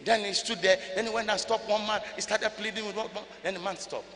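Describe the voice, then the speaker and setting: An older male pastor from Ghana preaching a sermon in a church hall. He repeats phrases for emphasis and swings between loud rises and low drops. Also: fairly even intonation, quick pace. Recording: church hall reverb, light noise.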